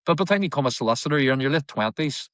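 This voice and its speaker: A man speaks quickly in a candid interview, piling up emphatic repetitions. His voice sits at an ordinary pitch, and the sound is dry and close, with no room around it. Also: expressive, fairly bright tone, no echo. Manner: fast, repetitive, emphatic, swears casually. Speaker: actor and filmmaker guest.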